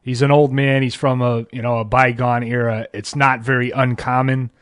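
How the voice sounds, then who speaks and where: A young man hosting a sports podcast in a small studio, opening with radio-style lines and replying in a measured, agreeable way. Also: mid-range voice, level tone, fairly bright tone, clear, resonant tone, dry recording. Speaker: host. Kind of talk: casual sports talk.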